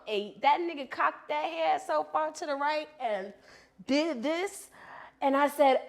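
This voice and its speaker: A woman co-hosting a podcast, telling stories in casual chat with animated delivery. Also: sits high, measured pace, creaky. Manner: animated storytelling with bursts of laughter. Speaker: podcast co-host.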